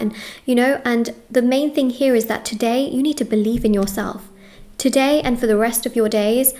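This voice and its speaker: A woman's voice: on the high side, darkish tone. A young woman giving a tarot reading to viewers, reassuring and emphatic, repeating words and often checking in with "okay?". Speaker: tarot reader.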